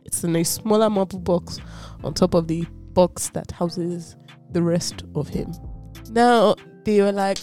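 A woman's voice: on the low side, measured pace, mellow, faint music behind. A woman co-hosting a podcast, telling a story in casual chat and laughing often. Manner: giggly, chatty storytelling with frequent laughter. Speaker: podcast co-host.

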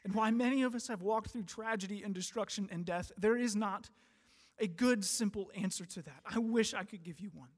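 A man preaching a sermon in a high, earnest voice. He swells to emphatic peaks and then drops soft and quiet. His words ring out with a long reverb through a church sanctuary. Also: a little fast. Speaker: pastor.

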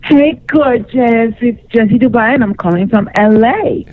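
A woman's voice: a little high, a little slow. A woman calling in to a radio show, chatting in a flirtatious, rambling way. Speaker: caller. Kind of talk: casual phone chat. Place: Los Angeles. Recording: tinny dry phone line.

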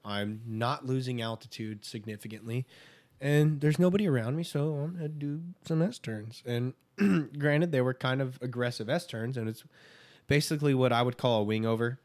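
A man's voice: medium pitch, normal speed, a little mellow. A young adult man, a guest in a casual chat, telling stories in a laid-back, profane way.

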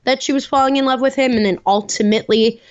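A woman's voice: sits high, steady tone, fast, lo-fi sound. A woman co-hosting a podcast, chatting casually about a reality show with lots of "like" and "you know" fillers. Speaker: podcast co-host. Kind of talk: casual chat.

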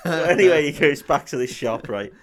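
A man's voice: fairly high pitch, expressive, fairly quick, crowd noise. A man co-hosting a podcast, retelling a film with heavy swearing, sarcasm and laughter. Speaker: podcast co-host. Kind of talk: casual film-recap chat.

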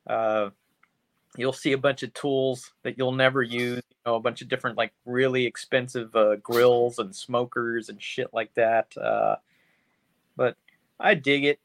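A man co-hosting a podcast, chatting casually about a TV show in a relaxed, hesitant way. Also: medium pitch, unhurried. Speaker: podcast co-host. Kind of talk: casual show review chat.

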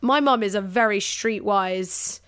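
A young woman telling stories in casual chat, animated and acting out quotes. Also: mid-range voice, unhurried, clean tone. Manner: animated storyteller, acts out quotes.

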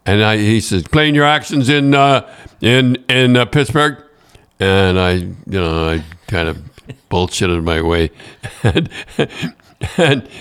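A man's voice: sits low, clean tone. Older Canadian man rambling through stories. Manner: rambling, with restarts and chuckles. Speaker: podcast host and former hockey coach. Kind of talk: casual storytelling chat.

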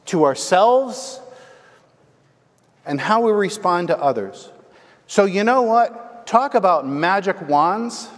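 A man preaching a sermon as the pastor, telling a story and asking the congregation "right?". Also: high voice. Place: church. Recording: long hall reverb.

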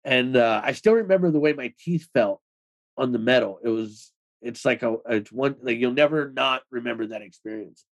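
A man speaking as an interview guest, telling his own story in rapid, loose talk with many "like"s and plenty of swearing. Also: medium pitch, rough recording. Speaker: interview guest, former extremist. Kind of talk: casual storytelling in a podcast interview.

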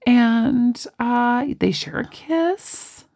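A woman's voice: a little high, extremely slow. A woman co-hosting a podcast, casually and animatedly retelling a movie plot and acting out the quotes. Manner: animated storyteller who acts out quotes. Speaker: podcast co-host. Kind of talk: casual chat recapping a movie.

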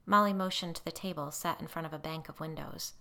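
Woman reading a spooky story out loud, kinda low voice but sharp and bright. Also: fairly even intonation, quick pace, creaky. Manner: voices characters with raised pitch and lowered narration tags. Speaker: audiobook narrator. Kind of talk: scripted story narration.

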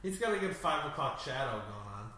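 Playful movie commentary co-host, bright lively delivery, echoey room. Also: medium pitch, brisk. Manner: playful, laughs often. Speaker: podcast co-host. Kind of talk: casual movie commentary chat.

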